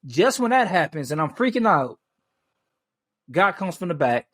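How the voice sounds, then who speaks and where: A man on a podcast, telling a story in casual chat, animated, full of fillers and restarts, swearing freely. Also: fairly high pitch, normal speed, dry recording, clean studio sound. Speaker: podcast co-host.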